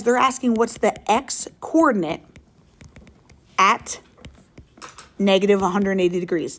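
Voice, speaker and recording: A woman teaching a math lesson in a classroom, upbeat and playful, often asking the class questions. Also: mid-range voice. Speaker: high school math teacher. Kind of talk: classroom lecture.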